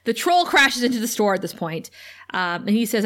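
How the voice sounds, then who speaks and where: A woman's voice: fairly high pitch, big pitch swings, moderate pace, a bit bright. A woman co-hosting a casual podcast, recapping an episode while laughing often and swearing in exasperation. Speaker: podcast co-host.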